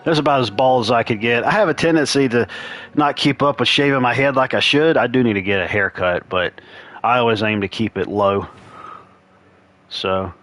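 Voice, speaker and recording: A man's voice: mid-range voice, moderate pace, fairly bright tone, faint music behind. A young man giving casual, rambling gaming commentary, chuckling as he goes. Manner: rambling, laughing, chatty. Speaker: streamer.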